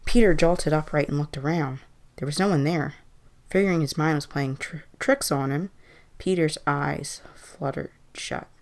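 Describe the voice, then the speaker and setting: A woman reading a Halloween horror story aloud in an even, measured way. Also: deep voice.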